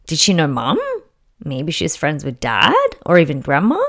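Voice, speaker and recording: A woman's voice: sits low, wildly swooping pitch, moderate pace, fairly bright tone, heavily acted. A woman quoting a puzzled little girl. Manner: puzzled, questioning. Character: curious, confused little girl.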